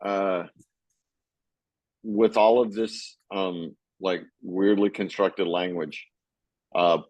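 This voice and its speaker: A man co-hosting a casual book chat, reading passages aloud and thinking out loud with many fillers and restarts. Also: low-pitched, fairly even intonation, takes it slowly, no room sound, low-quality recording. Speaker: podcast co-host.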